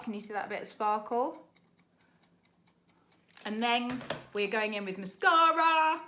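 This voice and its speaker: A young British woman, a makeup artist, chatting to camera in a rushed, laughing tutorial while doing her makeup. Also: a little high, lively intonation, pushed and bright. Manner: chatty, rushed, laughing under time pressure.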